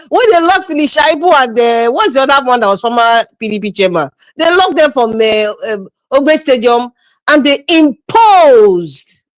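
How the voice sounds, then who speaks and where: A woman's voice: on the high side, dry recording. A woman with a Nigerian accent giving outspoken political commentary on a live stream, blunt and laughing often. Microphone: video call.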